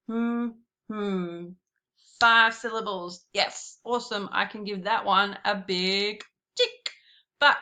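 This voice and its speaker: A woman giving a slow, patient classroom lesson, talking straight to her pupils. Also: medium pitch, pushed and bright. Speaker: primary school teacher.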